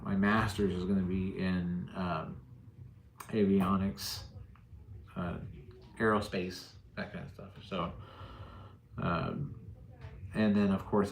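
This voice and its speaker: Middle-aged male streamer, lowish voice, relaxed and jokey, roomy echo. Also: vocal fry, slight background noise. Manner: easygoing, joking, answering chat. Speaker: livestream host. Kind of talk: casual livestream chat with viewers. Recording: echoey room.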